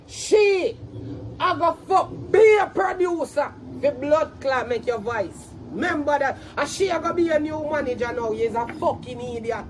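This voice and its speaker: A woman with a Jamaican accent, ranting and scolding loudly in profane commentary, often shouting. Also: high voice, noisy background.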